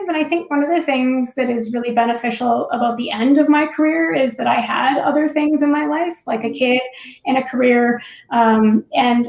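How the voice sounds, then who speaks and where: A woman's voice: high-pitched, a little mellow. A middle-aged woman, a former Olympic curler, speaking thoughtfully and candidly as a panel guest, with easy laughs. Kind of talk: reflective panel discussion. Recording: roomy echo.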